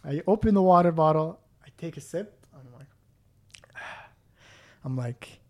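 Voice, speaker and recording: A man casually telling a story, animated and re-enacting the scenes, with lots of fillers like "dude". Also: a little high, measured pace.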